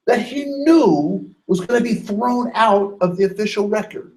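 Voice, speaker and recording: A man's voice: sits high, unhurried, poor audio. A man leading a training workshop, telling stories with acted-out voices and putting questions to the room. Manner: animated storyteller acting out voices, asks the audience questions. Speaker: diversity trainer. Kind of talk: workshop lecture.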